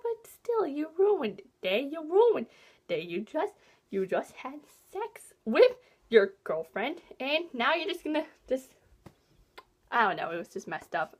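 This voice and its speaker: High, lively woman gushing about books. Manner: gushing, excitable, rambling; animated swings between loud and soft. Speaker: book vlogger. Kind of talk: casual book review chat.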